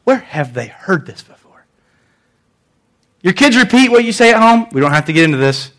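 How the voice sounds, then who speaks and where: The high-voiced pastor's sermon has a sing-song quality at normal speed. Full of energy, he shifts from loud, emphatic lines to quieter ones and uses repetition to hammer home his message.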